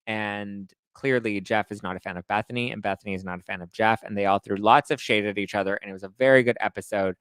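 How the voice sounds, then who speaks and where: A man hosting a live reality TV gossip show, recapping in a casual, animated, slang-heavy way. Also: on the low side, fast talker, few pauses, clean tone, no room sound. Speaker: host of a reality TV gossip livestream and podcast. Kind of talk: casual chatty pop-culture recap.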